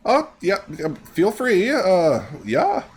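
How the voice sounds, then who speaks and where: A man's voice: high voice, big pitch swings, takes it slowly, slightly rough, voice pushed up, heavily acted. A man voicing a startled, overworked young woman who works as a secretary, talking in a flustered way. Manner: flustered, fidgety.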